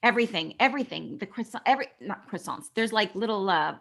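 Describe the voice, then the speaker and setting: A middle-aged woman from California, a guest actress, chatting casually and telling stories in an animated way, acting out quoted dialogue. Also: mid-range voice, quick pace, vocal fry. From California, USA. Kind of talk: casual interview storytelling.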